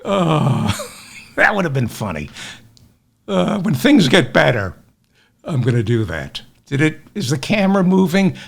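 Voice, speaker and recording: A man's voice: medium pitch, sing-song, a little slow, creaky, pauses often, slightly rough. A man hosting a comedic news podcast, ranting with sarcastic, self-deprecating asides. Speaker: podcast host.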